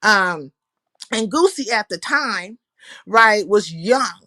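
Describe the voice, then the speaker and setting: A woman's voice: medium pitch, expressive, slow, sharp tone, no room sound. A woman hosting a casual livestream, talking animatedly, cursing freely and greeting viewers by name. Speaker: livestream host.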